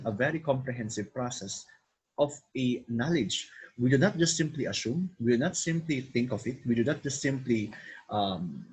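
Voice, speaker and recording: A man's voice: medium pitch, husky, poor audio. A man, teaching a recorded online lesson and piling up synonyms as he explains. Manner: repetitive, piles up synonyms, code-switches into Tagalog.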